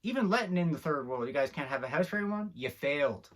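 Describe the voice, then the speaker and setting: A man's voice: medium pitch, expressive, fast. A man hosting a video, giving a heated, preachy commentary straight to camera and getting worked up as he talks. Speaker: video host.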